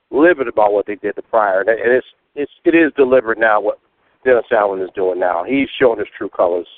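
A man's voice: lowish voice, no echo. Frustrated male caller on a phone line. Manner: frustrated, measured complaining. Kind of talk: phoned-in fan comment.

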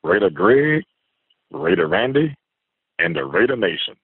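A man's voice: low-pitched, big pitch swings, a little slow, noisy background. A man from near Memphis, Tennessee, calling in by phone to a fan show, tired and rambling in an upbeat, preachy way over a tinny phone line. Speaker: caller.

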